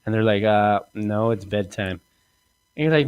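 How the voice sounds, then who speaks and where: A man hosting a casual comedy podcast, rambling and crude, acting out quotes in lively voices. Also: lowish voice, normal speed, smooth. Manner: rambling, profane, acts out quotes in animated voices. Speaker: podcast host.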